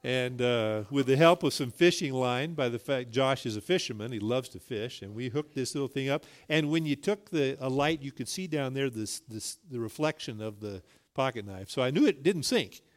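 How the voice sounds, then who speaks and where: A man's voice: mid-range voice, normal speed. A middle-aged male pastor preaching a sermon, telling a folksy story and rising emphatically on key points.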